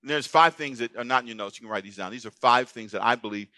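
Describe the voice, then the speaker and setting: A man's voice: mid-range voice, fast, sharp tone, no echo. A man preaching a sermon as pastor, playful and calling out to his congregation for responses.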